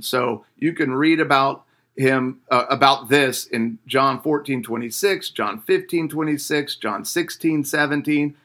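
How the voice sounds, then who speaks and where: A man's voice: mid-range voice, bright, forceful tone. A man giving a casual devotional teaching to couples, speaking conversationally and asking his listeners rhetorical questions.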